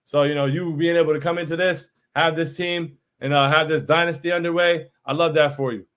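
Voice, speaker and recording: A man in his thirties from New York hosting a fan livestream, excitedly reading viewer comments aloud and repeating phrases. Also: a little high, fairly quick, clear, resonant tone. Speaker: livestream host reading chat. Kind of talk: casual hype chat.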